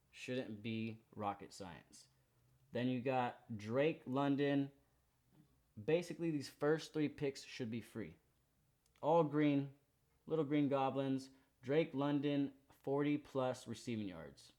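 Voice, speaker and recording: A man's voice: mid-range voice, darkish tone. A young man hosting a sports betting show, running through his picks in a slangy, hyped, confident way. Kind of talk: casual betting picks rundown.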